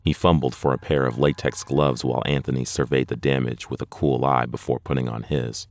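A man narrating a horror story in a measured, deliberate scripted reading. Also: extremely low pitch, fairly even intonation, gravelly, darkish tone.

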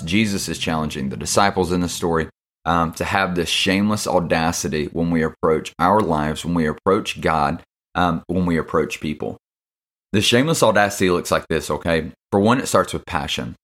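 A man's voice: sits low, fairly bright tone. A young man hosting a casual devotional podcast, laid-back and slangy, with lots of fillers. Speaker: podcast host.

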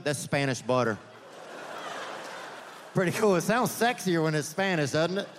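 A male comedian working a theater crowd, his slightly high voice wandering through loose, rambling stories. He sprinkles "man" and "you know" everywhere. The stage mic picks up a long hall reverb and a faint hum of the room behind him. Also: measured pace, pauses often. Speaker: stand-up comedian. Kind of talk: stand-up comedy set.

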